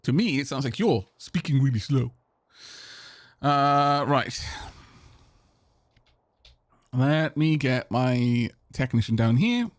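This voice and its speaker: A man's voice: mid-range voice, lively intonation, slow pace, long pauses, no echo, clean studio sound. A man from Wales with a South Welsh accent, chatting casually with stream viewers during a late-night let's play, rambling and restarting his sentences. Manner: rambling, chatty, frequent restarts and self-corrections.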